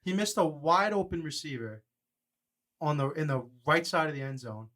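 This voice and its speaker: A man hosting a casual sports betting podcast, brash and fast-talking, ribbing his co-host. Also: fairly high pitch, animated, fairly bright tone. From New York area.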